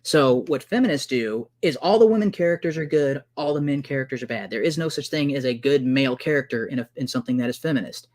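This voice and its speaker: A man arguing heatedly in a casual debate, excitable and exasperated, often talking over the other man. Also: medium pitch, fast talker, hardly any pauses.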